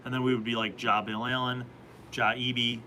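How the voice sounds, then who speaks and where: Bright-voiced man chatting on a live stream. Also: medium pitch, level tone, fairly quick, a little hiss or hum, low-quality recording. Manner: rambling, chatty, reads out viewer comments. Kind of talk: casual live-stream chat answering comments.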